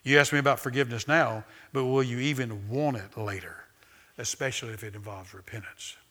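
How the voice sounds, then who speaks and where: A man's voice: mid-range voice, fairly even intonation, brisk, sharp tone. Man preaching to his congregation. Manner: asks the congregation direct questions and has them repeat a line. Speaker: pastor. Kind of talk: sermon. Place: church sanctuary with a live congregation.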